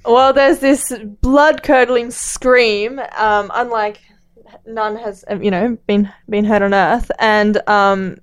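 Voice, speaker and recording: A woman co-hosting a casual book-discussion podcast, retelling the plot hesitantly with many pauses. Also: fairly high pitch, steady tone, clear, resonant tone. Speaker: podcast co-host.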